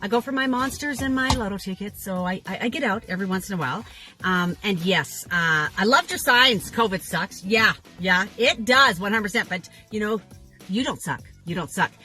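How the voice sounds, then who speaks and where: A woman's voice: medium pitch, lively intonation, moderate pace, sharp tone, faint music behind. A woman judging a talent show, giving bubbly, rambling praise with many fillers. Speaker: judge. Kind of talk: casual chat.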